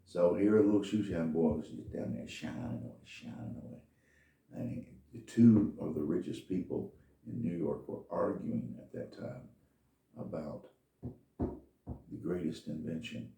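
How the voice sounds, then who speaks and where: Man, rambling folksy storyteller, very low gravelly voice, echoey room, mic far off. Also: moderate pace, mellow. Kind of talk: casual storytelling monologue.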